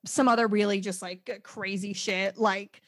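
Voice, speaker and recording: A woman chatting casually as a podcast guest, animated and quick to laugh, with lots of fillers and restarts. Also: medium pitch, no room sound, clean studio sound.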